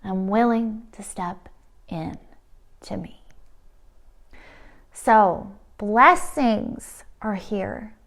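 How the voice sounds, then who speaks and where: A woman giving a channeled energy forecast, gushing and emphatic, acting out listeners' excited inner thoughts. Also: mid-range voice, extremely slow. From Canada. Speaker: spiritual energy reader.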